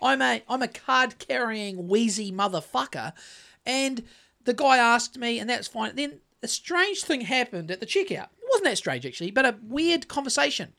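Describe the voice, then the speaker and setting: A man's voice: very high voice, animated, moderate pace, creaky, bright, forceful tone. A man with a New Zealand accent, co-hosting a casual podcast and telling stories in a profane, ranting way. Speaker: podcast co-host.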